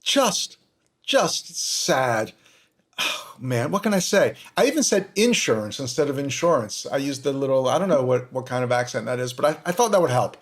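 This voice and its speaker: A man's voice: medium pitch, lively intonation, normal speed. A man hosting a podcast, commenting on recorded calls with sarcastic, exasperated asides. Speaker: podcast host.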